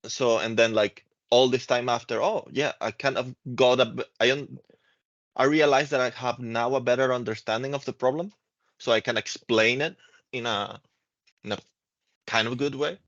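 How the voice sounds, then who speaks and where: A man's voice: medium pitch, steady tone, fairly bright tone, no echo, highs cut off. A man taking part in a study group discussion, talking loosely with lots of "like" and restarts. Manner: quick, loose, full of "like" and restarts.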